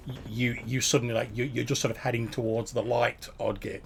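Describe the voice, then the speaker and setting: A man's voice: medium pitch, level tone, fairly quick, gravelly, a little hiss or hum. A man narrating a tabletop game as game master, describing the action with small hesitations.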